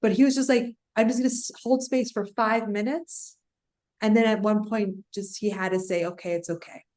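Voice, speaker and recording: Animated woman coach telling stories. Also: mid-range voice, moderate pace. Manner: animated storytelling, acts out clients' voices. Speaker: parental alienation coach. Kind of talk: podcast guest interview.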